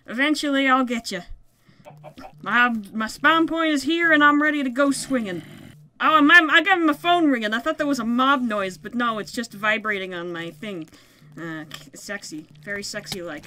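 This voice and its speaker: A woman giving excitable, yelping play-by-play commentary on a survival game session, often laughing at her own bad plan. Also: high voice, unhurried, a little hiss or hum. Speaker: gaming video creator. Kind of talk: Minecraft let's play commentary.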